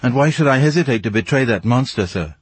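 A man's voice: medium pitch, expressive, brisk, slightly rough, dry recording. A man voicing an impatient, anxious young nobleman who gives short, clipped replies.

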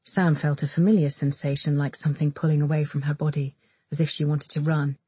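Woman narrator, low husky voice, dry close read. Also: flat delivery, fairly quick, dark tone, no room sound. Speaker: audiobook narrator. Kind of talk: scripted narration.

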